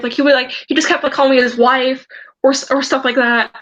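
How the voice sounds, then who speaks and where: A woman's voice: sits high, fast talker, a bit bright, lo-fi sound. A teenage girl vlogger telling a story in a rambling, agitated way, with many restarts. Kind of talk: storytime vlog.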